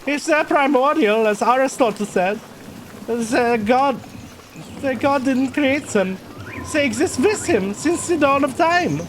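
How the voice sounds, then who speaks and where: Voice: mid-range voice, wildly swooping pitch, unhurried, few pauses, background noise, voice pushed up. A streamer voicing a wandering male tinker in a game, eager and thoughtful. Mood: earnest. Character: Romani man, wandering tinker, earnest. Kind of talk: game dialogue read aloud.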